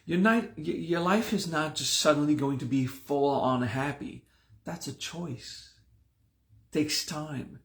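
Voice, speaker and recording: A man teaching a spiritual class in a conversational way, repeating himself and restarting his sentences. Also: medium pitch. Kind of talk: live-streamed class talk.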